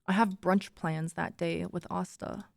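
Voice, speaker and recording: A woman's voice: on the low side, steady tone, measured pace, gravelly, a little mellow, dry recording, clean studio sound. A young woman streaming, chatting casually with her viewers, giggly and cooing baby talk to her dog.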